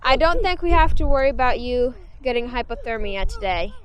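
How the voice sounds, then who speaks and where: A woman's voice: on the high side, lively intonation, a little fast, low-quality recording. Chatty woman vlogging outdoors on a farm. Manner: chatty, plain-spoken, friendly explaining. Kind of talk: casual vlog narration.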